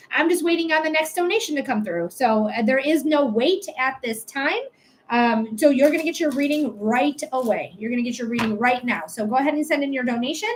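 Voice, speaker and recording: A young adult woman hosting a live psychic reading stream, chatting casually, swearing now and then and pitching her readings upbeat. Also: slight background noise. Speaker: livestream psychic reader. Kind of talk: casual livestream chat.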